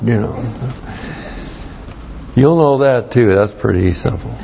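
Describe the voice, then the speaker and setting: Male Bible teacher, unhurried and emphatic, repeats key phrases, spells out Greek words, muffled lo-fi tape. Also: fairly low pitch, darkish tone, a little hiss or hum. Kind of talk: expository Bible teaching with Greek word study.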